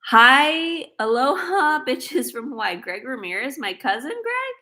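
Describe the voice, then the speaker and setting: A pregnant woman with a slightly high voice hosts a casual livestream Q&A. She is chatty and quick to giggle. She reads viewer questions aloud and answers them warmly off the cuff. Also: sing-song. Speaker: host.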